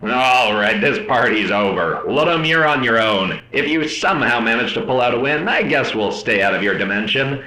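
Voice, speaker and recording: A cocky, taunting four-armed archon, as a male narrator puts him on. His voice is bright and forceful. The story is recorded in an echoey room. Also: mid-range voice, animated, normal speed, few pauses. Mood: dismissive.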